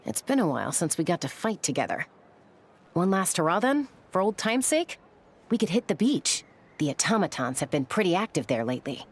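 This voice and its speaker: A woman voicing a confident young woman warrior leader in a game, speaking briskly and with self-assurance. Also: lowish voice, sing-song, husky, exaggerated voice. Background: game music.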